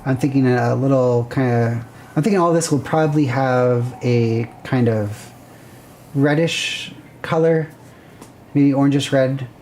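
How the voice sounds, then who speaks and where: A woman's voice: very deep voice, a little slow, dark tone, slight background noise. A woman hosting a livestream, casually thinking aloud and chatting with viewers while she sketches a building plan. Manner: rambling, self-correcting, chatty with viewers. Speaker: livestream host.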